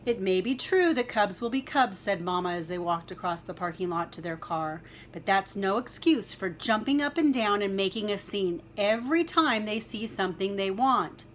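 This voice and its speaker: A woman reading a children's picture book aloud, with gentle, chatty asides to young listeners. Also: mid-range voice, expressive, moderate pace, few pauses, a little hiss or hum.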